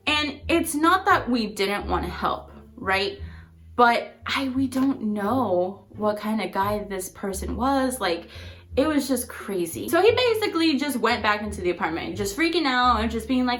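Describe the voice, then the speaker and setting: A woman's voice: on the high side, animated, moderate pace, fairly bright tone, faint music behind. A woman vlogger telling a personal story in a chatty, rambling way, full of fillers. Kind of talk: casual storytelling.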